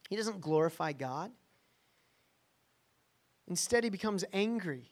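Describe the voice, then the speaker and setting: A man's voice: very high voice, unhurried, sharp tone. A man preaching a sermon in a conversational, emphatic way, often checking in with the listeners. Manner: emphatic, conversational, frequent "right?" asides. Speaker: pastor.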